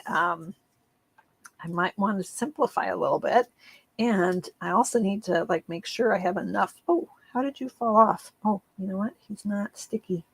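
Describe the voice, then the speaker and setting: A woman's voice: mid-range voice, vocal fry, breathy edge, no room sound. A woman demonstrating card making in a casual live craft session, chatty and rambling, with frequent ums and laughs at her own slips.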